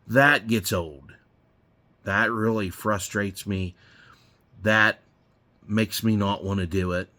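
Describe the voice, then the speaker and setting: A middle-aged garage owner tells rambling, profane stories bluntly and casually while working. His fairly low voice has a sharp tone, moving slowly with long pauses.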